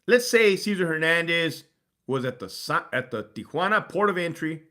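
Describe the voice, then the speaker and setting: A man's voice: fairly high pitch, lively intonation, moderate pace, bright, forceful tone. A man hosting a casual livestream, swearing freely and laughing as he talks to his chat. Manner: profane, laughing, reading chat aloud. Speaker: livestream host.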